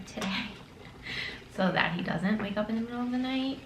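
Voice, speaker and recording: A woman's voice: a little high, normal speed, long pauses, background noise. A young pregnant woman chatting casually in a home vlog, rambling with lots of fillers and slightly out of breath. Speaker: vlogger and mother.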